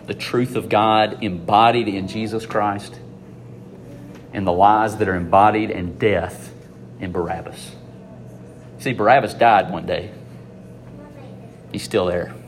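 Animated man preaching to students. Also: medium pitch, slight background noise. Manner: animated, conversational, swings between loud emphasis and hushed asides. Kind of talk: informal sermon.

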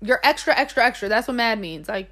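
A woman's voice: on the high side, expressive, quick pace, sharp tone. A young woman with a New York accent chatting bluntly as a podcast co-host, swearing freely and saying "like" a lot. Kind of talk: casual chat.

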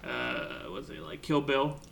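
A man's voice: mid-range voice, big pitch swings, takes it slowly, creaky, a bit bright. A young man co-hosting a podcast, chiming in with jokes in a casual chat. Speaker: podcast co-host. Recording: voice a bit far from the mic, faint noise.

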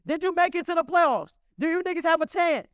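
A man in a heated casual sports argument, loud and profane, repeating himself insistently. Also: extremely high pitch, a little fast, dry recording, clean studio sound. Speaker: sports debater.

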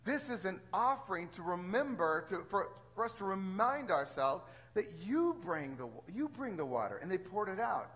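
A man preaching a sermon as a pastor, talking in a conversational, animated way with frequent restarts. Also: sits high, normal speed, few pauses, poor audio.

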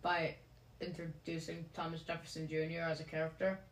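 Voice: mid-range voice, completely flat delivery, fairly quick. A listener in casual chat who keeps breaking in with teasing jokes. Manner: teasing, jokey interruptions. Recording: echoey room with faint noise.

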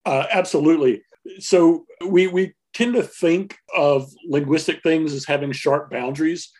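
Man explaining dialects, measured and steady. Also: a little high. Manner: measured, explanatory, with filler words. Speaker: linguist guest. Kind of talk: explanatory interview answers.

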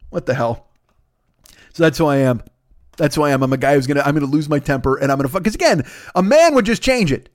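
A man's voice: on the high side, dry recording, clean studio sound. A man hosting a podcast, telling a rambling, profane, self-mocking story in casual chat, with bursts of laughter. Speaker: podcast host. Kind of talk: casual comedic monologue.

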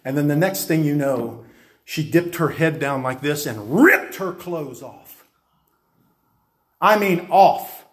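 A man's voice: on the high side, a bit bright. Emphatic man preacher telling testimony, echoey. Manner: emphatic, insistent, acts out scenes. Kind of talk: dramatic testimony storytelling. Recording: roomy echo.

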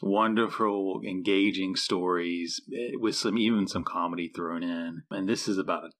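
Deep-voiced man as a podcast co-host, joking and laughing through casual chat. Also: steady tone, normal speed, a bit bright. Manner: jokey, laughs a lot.

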